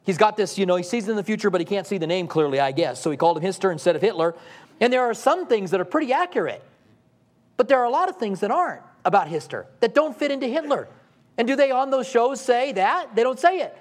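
A man's voice: sits high, big pitch swings, fast. A man preaching a sermon in a conversational way, asking the congregation rhetorical questions and acting out quoted voices. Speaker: pastor.

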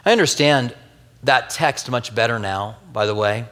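A man's voice: mid-range voice, moderate pace, a bit bright. A man preaching a sermon as a pastor, telling a Bible story earnestly with wry asides and a tender, grieving personal tone. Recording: long hall reverb.

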